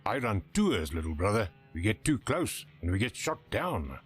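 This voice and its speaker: An actor playing a rugged older-brother helicopter tour pilot with a South African accent, blunt and easygoing, in a game. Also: male voice, on the low side, very animated, moderate pace, faint music behind. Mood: gruff.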